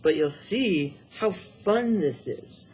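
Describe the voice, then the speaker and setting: A man's voice: sits high, animated, slow pace. A middle-aged man teaching a drawing lesson, upbeat and encouraging, thinking aloud as he works. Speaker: art teacher.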